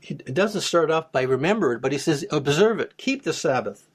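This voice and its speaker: A man's voice: on the high side, lively intonation, fairly quick, slightly rough. A man teaching a Bible study, reading verses aloud and then explaining them plainly, with small restarts. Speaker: preacher.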